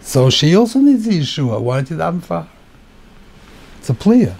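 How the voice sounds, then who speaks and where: A rabbi giving a Torah class on the weekly portion, explaining the text step by step, asking rhetorical questions and mixing in Hebrew terms. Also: male voice, fairly high pitch, very animated, moderate pace, creaky, darkish tone, slightly rough.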